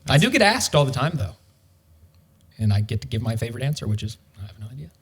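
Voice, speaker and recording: Wry realtor telling stories. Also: male voice, mid-range voice, very animated, fast, a bit bright, husky. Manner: wry, storytelling, dry humor. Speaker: realtor guest. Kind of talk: casual podcast chat.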